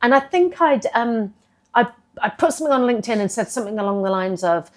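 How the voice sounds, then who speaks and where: A woman's voice: a little high, lively intonation, fast. A middle-aged woman, a business founder, talking candidly and chattily as a podcast guest, often restarting her sentences. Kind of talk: casual interview chat.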